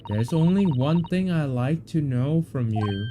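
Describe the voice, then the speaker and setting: A streamer reading a young woman's lines from a game aloud, earnest and halting. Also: mid-range voice, expressive, music in the background, pitched below the performer's own voice, lightly acted. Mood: accusing.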